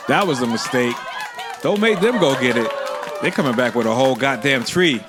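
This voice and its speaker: A male stand-up comedian tells brash, profane stories into a handheld mic on a comedy stage. His voice sits at a middling pitch. Loud live crowd laughter keeps breaking in behind him. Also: animated, moderate pace, background noise. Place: comedy stage before an audience.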